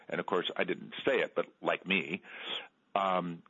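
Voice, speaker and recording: A middle-aged man, an author guest on a radio interview, telling stories in an earnest, halting way and repeating words. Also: low voice, a bit bright, breathy edge. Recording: dull lo-fi radio sound.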